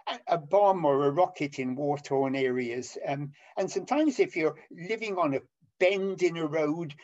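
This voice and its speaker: An older man preaching a sermon, halting with many ums and restarts. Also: on the high side, darkish tone. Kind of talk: sermon over an online call. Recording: dull lo-fi audio.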